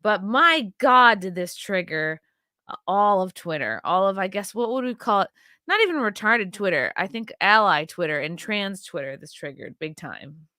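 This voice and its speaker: A woman's voice: mid-range voice, big pitch swings, normal speed, pushed and bright, no echo, studio quality. A woman hosting her own show, giving blunt, profane and rambling commentary on video clips with a sarcastic edge. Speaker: host.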